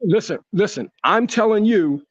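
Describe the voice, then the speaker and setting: Male caller in a heated debate, fairly high voice, keeps repeating himself, dull lo-fi call sound. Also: lively intonation, normal speed, husky. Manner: insistent, repeats himself to hold the floor.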